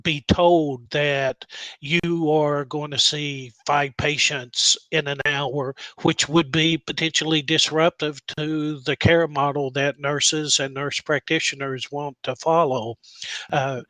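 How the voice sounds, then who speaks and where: A man, a nurse practitioner student, giving measured, earnest interview answers with frequent pauses and fillers. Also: fairly high pitch, fairly even intonation, bright, forceful tone, dry recording, low-quality recording.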